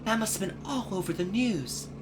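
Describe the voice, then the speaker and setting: A woman's voice: mid-range voice, moderate pace, background noise, voice pushed up, close to an everyday voice. A woman reading an eager young boy apprentice. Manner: reading the lines aloud, lively. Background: game music.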